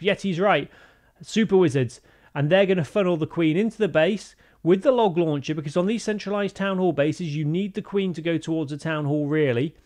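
A fairly high-voiced man talks through a strategy game attack in a relaxed, chatty way. He drifts into deadpan silly tangents and then comes back to the play-by-play. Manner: chatty, jokey, rambling asides. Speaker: gaming YouTuber. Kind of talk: casual gameplay commentary.

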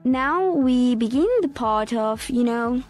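Young female podcast co-host, slow and careful delivery, laughs easily, light music bed. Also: fairly high pitch, darkish tone. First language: Spanish. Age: young adult. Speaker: student co-host. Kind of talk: casual podcast chat teaching English phrases.

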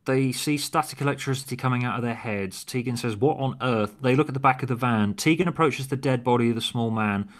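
A man co-hosting a podcast, reading stage directions from a prediction script in a quick, offhand way with fillers. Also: medium pitch. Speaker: podcast co-host.

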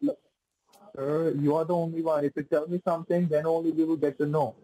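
A man's voice: on the high side, flat delivery, a little fast, warm tone. A man on a phone call, posing as a support agent, who talks in a repetitive way, full of "like" and "sir". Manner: repetitive, fills speech with "like" and "sir".

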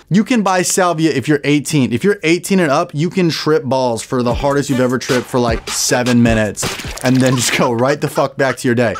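Profane young man telling a wild story. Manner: rapid, profane, jumps high for punchlines and acts out people. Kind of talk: animated comic storytelling.

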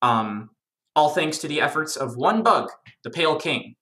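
A speaker in a relaxed lore chat, bright-toned and animated, circling back with fillers and restarts. There is a roomy echo around the voice. The manner is jokey and eager. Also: medium pitch, moderate pace. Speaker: guest lore explainer. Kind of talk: casual discussion.

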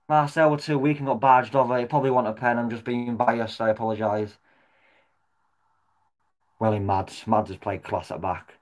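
A man reacting live to a football match as a fan vlogger. He swears often and swings between muttered comments and loud yells at the referee. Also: lowish voice, steady tone, normal speed, long pauses.

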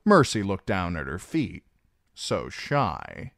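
A man reading a novel chapter aloud as narrator, slow and expressive. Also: low voice, vocal fry, no room sound, studio quality. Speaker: audiobook reader. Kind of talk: storybook narration.

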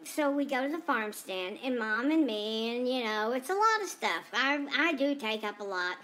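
A woman's voice: fairly high pitch, animated, normal speed, pushed and bright. A woman voicing a chatty female dog who tells about her day in a rambling, gossipy way, full of asides. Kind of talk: first-person pet vlog narration.

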